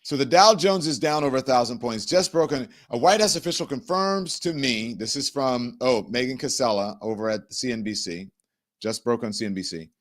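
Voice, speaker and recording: A middle-aged man hosting a live-stream talk show, animated and sarcastic, often mimicking the people he talks about. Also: medium pitch, moderate pace. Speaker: host.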